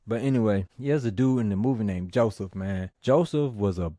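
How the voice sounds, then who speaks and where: A man giving a casual movie review, telling the story in a lively, slangy, profane way. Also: lowish voice, moderate pace, no echo, clean studio sound.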